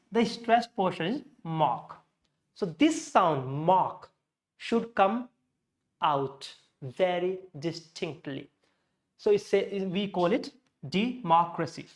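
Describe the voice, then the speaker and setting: Man with an Indian English accent teaching pronunciation, explanatory, repeats words to show stress. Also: sits high. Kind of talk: slide-based lesson.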